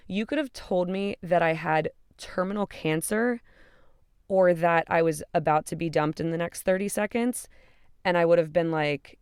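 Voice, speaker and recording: A woman's voice: lowish voice, clean tone, no room sound, clean studio sound. A young woman hosting a podcast, telling a personal story in a candid, emphatic way and swearing freely. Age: young adult. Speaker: podcast host. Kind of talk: confessional storytelling.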